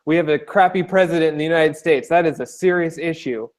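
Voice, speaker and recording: A man's voice: on the high side, fast. Joking man from Long Island. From Long Island, New York. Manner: joking, laughs often, rambling. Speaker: guest. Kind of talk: casual chat.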